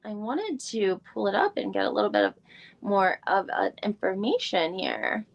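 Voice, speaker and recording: A woman's voice: mid-range voice, huge pitch swings, normal speed, gravelly, lo-fi sound. A woman hosting a live recap, chatting casually and thinking aloud as she looks things up, with mild swearing and lots of fillers. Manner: chatty, rambling, thinks aloud while searching online. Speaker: podcast host doing a live recap. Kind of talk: casual live-stream chat.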